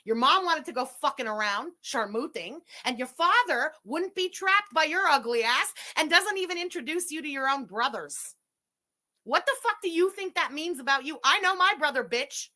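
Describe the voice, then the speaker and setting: A woman with a high, sharp voice rants on a livestream. She throws out furious, profane insults. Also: lively intonation, moderate pace. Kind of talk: livestream rant.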